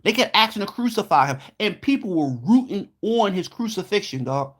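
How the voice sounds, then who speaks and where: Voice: mid-range voice, sing-song, normal speed. A vlogger delivering a heated, profane monologue, swearing constantly and acting out what people said.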